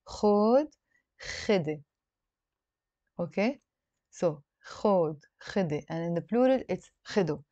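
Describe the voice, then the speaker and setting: A woman's voice: lowish voice, animated, moderate pace, long pauses, warm tone, no room sound, lo-fi sound. Lebanese woman teaching over a call. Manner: explains patiently, often checks in with "okay?". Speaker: Arabic teacher. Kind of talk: live online language lesson. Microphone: video call.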